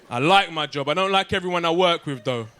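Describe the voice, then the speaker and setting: A young man with a London accent and a high-ish voice performs a stand-up set in a comedy club. He is animated and streetwise, tagging his lines with questions.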